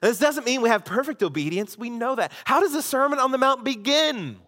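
A man pastor preaching a sermon, swinging between loud emphasis and hushed asides. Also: very high voice, lively intonation, brisk, big-room sound.

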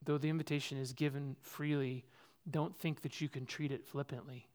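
A man preaching a sermon as pastor, earnest and personal, swinging between loud, high exhortation and quiet, low reflection. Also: fairly even intonation, moderate pace.

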